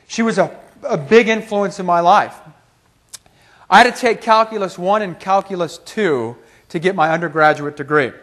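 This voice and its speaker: A man giving a motivational keynote, telling a story about himself in an animated, self-mocking way, laughing as he goes. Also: high-pitched. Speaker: keynote speaker. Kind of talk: motivational storytelling to a live audience.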